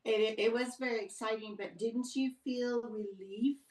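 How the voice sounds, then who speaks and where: A woman's voice: a little high, steady tone, normal speed, darkish tone. Giggly woman on a roomy, distant mic. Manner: giggly, retells scenes in quoted voices. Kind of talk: casual movie discussion.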